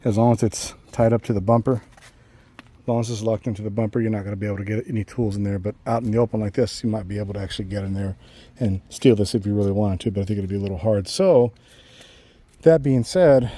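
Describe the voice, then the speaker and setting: Laid-back male host, low and mellow, rambling through a hands-on review. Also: steady tone, fast. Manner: rambling, with frequent 'um' and restarts. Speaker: channel host reviewing a bumper install. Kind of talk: casual install walkthrough and review.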